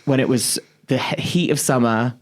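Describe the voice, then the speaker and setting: With a medium pitch and fairly even intonation, this man talks at a normal pace while co-hosting a podcast. The chat is casual; he narrates stories with energy, curses a lot and performs quotes in character.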